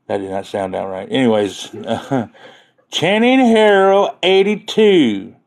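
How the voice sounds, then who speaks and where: A man's voice: mid-range voice, expressive, takes it slowly, vocal fry. A man chatting casually on a live stream, rambling and joking as he talks to his viewers.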